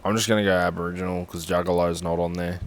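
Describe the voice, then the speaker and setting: A man's voice: low-pitched, flat delivery, quick pace. A young Australian man with an Australian accent, rambling sarcastically and swearing as he talks through a form on a casual livestream.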